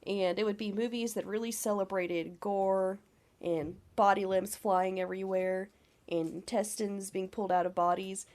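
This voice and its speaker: A woman's voice: mid-range voice, steady tone, moderate pace, darkish tone. Female co-host with a cold, nasal and scratchy, eager and profane. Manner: enthusiastic, swearing. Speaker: podcast co-host. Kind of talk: casual podcast chat.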